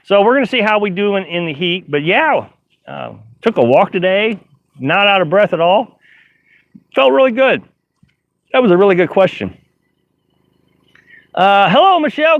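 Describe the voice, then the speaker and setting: A man's voice: high-pitched, no room sound. A middle-aged man hosting a casual live stream from his camper, reading viewer comments aloud, rambling and laughing often. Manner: rambling, laughs often, many fillers and restarts. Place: inside a camper. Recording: dull, lo-fi live-stream audio.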